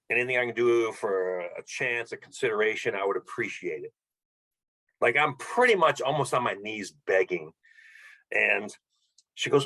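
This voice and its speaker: Middle-aged guy, kinda husky voice, acts out the convo while telling his story. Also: medium pitch, low-quality recording. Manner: animated storyteller, acts out dialogue. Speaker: podcast guest, bike fitter. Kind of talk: storytelling interview.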